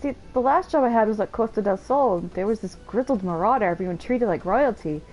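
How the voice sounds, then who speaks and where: A woman's voice: medium pitch, brisk, darkish tone, soft background music, voice pushed up, lightly acted, rough recording. A woman voicing a desperate young male liar who rambles pleading excuses, reading game dialogue in her own voice.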